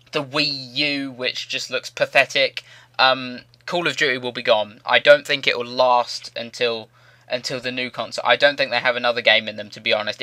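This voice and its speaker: A man's voice: medium pitch, sharp tone, no echo. A young man chatting casually to viewers in a gaming commentary, rambling and repeating himself. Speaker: gaming YouTuber. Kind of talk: casual commentary over gameplay.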